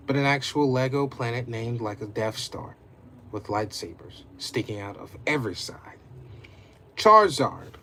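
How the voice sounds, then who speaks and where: A man's voice: medium pitch, a bit bright, slight background noise. A man reading his own homemade adventure story aloud in a casual, unpolished way.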